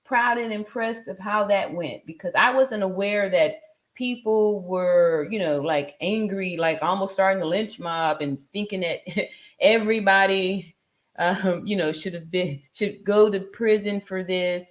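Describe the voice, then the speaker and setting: A woman's voice: mid-range voice, a little slow. A woman in her forties hosting a casual livestream, chatting loosely with many fillers and frequent laughs. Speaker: livestream host. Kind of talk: casual livestream chat reading viewer comments.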